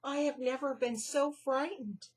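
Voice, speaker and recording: A woman voicing a timid female country mouse who squeaks and trembles with fright. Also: fairly even intonation, a little slow. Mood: frightened.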